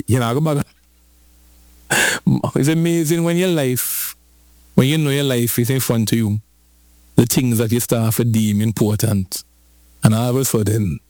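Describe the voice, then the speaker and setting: A man preaching a lively sermon, switching into patois and drawing out lines slowly for emphasis. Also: mid-range voice, dry recording. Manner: animated, rhythmic preaching in patois-flavored speech.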